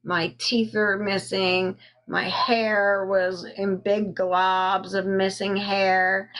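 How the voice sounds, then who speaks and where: A woman telling a personal story on a live stream into a phone, halting with frequent pauses and fillers, stopping to thank viewers. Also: medium pitch, flat delivery, fairly bright tone. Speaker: livestreamer telling her own story.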